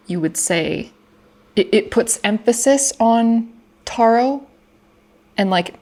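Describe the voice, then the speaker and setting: A woman's voice: medium pitch, darkish tone. A young woman casually explaining grammar from her own study notes, chatty, with lots of fillers and restarts. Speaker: language learner explaining grammar.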